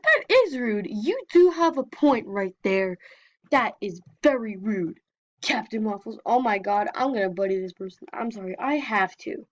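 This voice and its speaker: A young woman chatting casually while playing an online game and reading its messages aloud. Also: a little high. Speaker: gameplay vlogger. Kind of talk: casual gameplay commentary. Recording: dull lo-fi sound.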